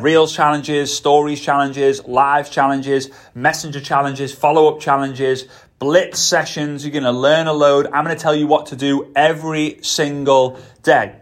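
Scouse guy doing a solo podcast, sing-songy and hyped, keeps repeating stuff for emphasis, mid-pitched voice. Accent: Liverpool (Scouse). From Liverpool, England. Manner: enthusiastic, sing-song, repeats words for emphasis. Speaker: podcast host and network marketing coach.

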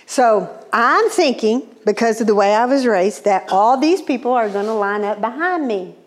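A woman telling a personal testimony in an animated, exclamatory, humorous way. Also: fairly high pitch, moderate pace. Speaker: speaker. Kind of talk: testimony storytelling.

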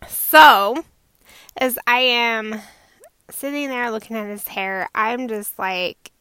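A woman in her thirties hosting a casual solo podcast, chatty and quick to laugh. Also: a little high, clear, resonant tone, no room sound. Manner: chatty, laughs often, warm pet names for listeners. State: recovering from tonsil surgery. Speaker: podcast host.

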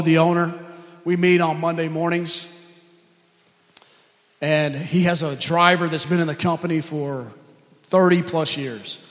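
A man preaching a sermon, telling a story earnestly and acting out the dialogue of the people in it. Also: fairly high pitch. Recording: long reverb of a hall.

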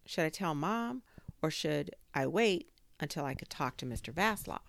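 A woman narrating a children's chapter book aloud in an expressive storytelling manner. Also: deep voice, normal speed, vocal fry, dry recording. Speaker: audiobook narrator.

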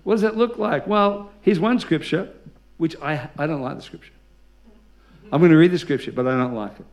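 Lively pastor preaching to a congregation. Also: male voice, fairly high pitch, a little fast. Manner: lively storytelling with congregation call-and-response. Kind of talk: sermon.

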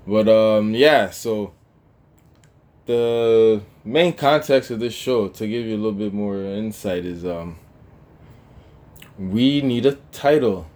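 A man with a somewhat low voice co-hosts a casual talk show. He rambles along loosely, stopping and restarting his sentences with plenty of fillers. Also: takes it slowly, pauses often, darkish tone. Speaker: podcast co-host. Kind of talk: casual chat.

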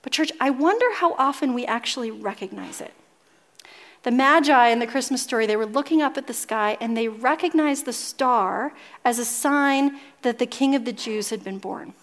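A woman's voice: on the high side, normal speed. Earnest woman preaching a sermon. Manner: earnest storytelling to a congregation. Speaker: pastor.

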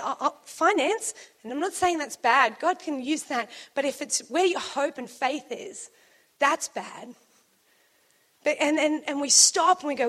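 High-voiced woman preaching with animated storytelling. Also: unhurried. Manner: animated storytelling, acting out quoted speakers. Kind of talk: sermon.

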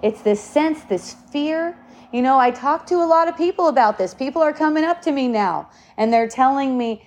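A woman speaks in a fairly high, bright voice. She gives spiritual advice in an earnest, preachy way, loose and casual, with a curse word here and there. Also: lively intonation, moderate pace. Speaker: spiritual talk host.

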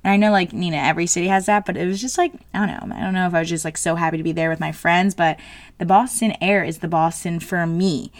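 A woman's voice: lowish voice, steady tone, fast, no echo. A woman in her late twenties talking casually as a solo host, frank and jokey, full of fillers. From New Jersey. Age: 20s.

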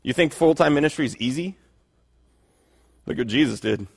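A man delivering a sermon with earnest, conversational warmth, often circling back and restarting his phrases. His voice sits a little high and carries a long reverb of a church hall around it. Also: lively intonation, moderate pace, vocal fry, husky. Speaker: pastor.

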